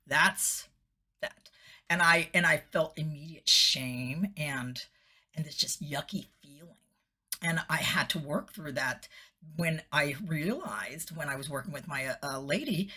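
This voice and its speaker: A woman's voice: low voice, a little slow, pushed and bright, slightly rough. A middle-aged woman, a former TV host, chatting casually in a personal vlog, laughing often and slipping into whispery voices when quoting.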